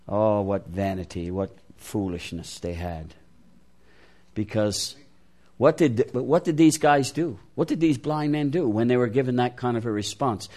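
A man's voice: mid-range voice, expressive, a little slow, darkish tone. A man preaching an interactive sermon, making emphatic, repeated appeals to his listeners.

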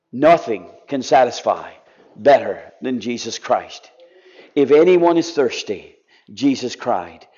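A man preaching with fervent conviction, his voice rising in urgency and then falling to a near-hushed plea. His voice sits a little high for a man. The recording sounds dull and lo-fi. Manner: impassioned, drops to soft pleading. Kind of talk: sermon.

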